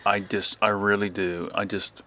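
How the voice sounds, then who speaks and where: A man's voice: lowish voice, level tone, normal speed, background noise. A man hosting a casual podcast chat at home, rambling and telling stories. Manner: rambling, mimics voices when retelling. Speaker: podcast host.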